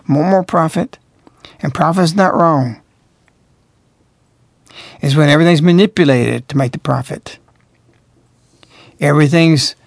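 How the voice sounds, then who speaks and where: A man's voice: fairly high pitch, creaky, husky, no room sound, clean studio sound. A man hosting a radio talk show, delivering emphatic, moralizing commentary full of rhetorical questions.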